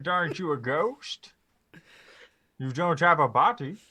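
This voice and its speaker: A man's voice: on the high side, animated, a little slow, bright, forceful tone. A man playing a tabletop game, asking dry questions in character. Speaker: player. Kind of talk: casual in-character play.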